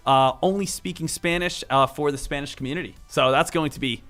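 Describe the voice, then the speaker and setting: Chatty male stream host, talks to his team, bright and forward, a touch high. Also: brisk. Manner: upbeat, chatty, repeats phrases, addresses viewers as team. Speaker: stock trading livestream host. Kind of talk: live trading commentary.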